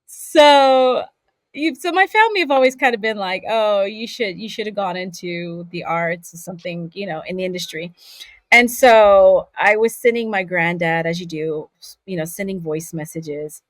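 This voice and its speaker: A woman's voice: on the low side, moderate pace, dry recording. A woman voice actor who grew up between California, Saudi Arabia and Scotland, telling stories expressively in a casual interview. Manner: expressive storyteller, laughs often. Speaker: voice actor guest.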